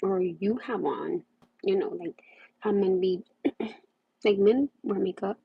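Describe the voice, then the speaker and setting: A woman's voice: mid-range voice, slow pace, creaky, slightly rough, dry recording. A young woman hosting a casual livestream, rambling and repeating herself as she talks. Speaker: livestream host. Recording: muffled lo-fi livestream audio.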